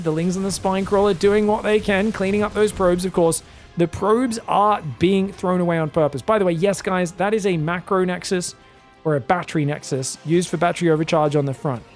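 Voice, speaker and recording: A man casting a strategy game match, with fast play-by-play and sudden shouted outbursts at big plays. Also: high-pitched. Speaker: esports caster. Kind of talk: excitable live game commentary.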